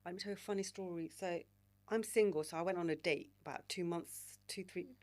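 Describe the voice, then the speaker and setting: Frank, animated woman in her forties. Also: fairly low pitch, brisk. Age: 40s. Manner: animated, frank, swears freely. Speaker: podcast guest. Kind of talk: candid storytelling conversation.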